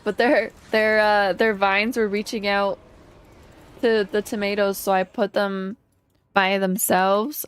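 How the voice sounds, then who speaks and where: A woman game streamer chatting casually on a live stream, relaxed and chatty, talking to her chat and humming along while she plays. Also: medium pitch, takes it slowly, clear, resonant tone.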